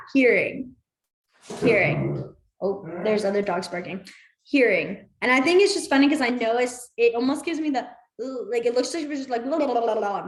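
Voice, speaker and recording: A woman's voice: a little high, roomy sound. A woman teaching a beginner sign language class in a chatty way, with many fillers and frequent laughs. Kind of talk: casual class instruction.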